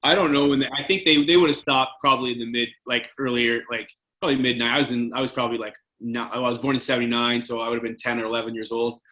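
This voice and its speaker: A man's voice: mid-range voice, steady tone, quick pace, pushed and bright, poor audio. A man in his forties, a former hockey player telling rambling stories as a podcast guest, with many fillers and restarts. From Canada. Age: 40s. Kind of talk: casual storytelling.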